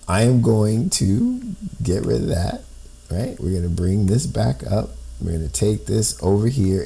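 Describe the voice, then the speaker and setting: Deep and warm with vocal fry and a slight roughness, this man's voice guides listeners through a code on screen. He's an amateur code-breaker who thinks aloud, goes step by step, and often checks in with "right?"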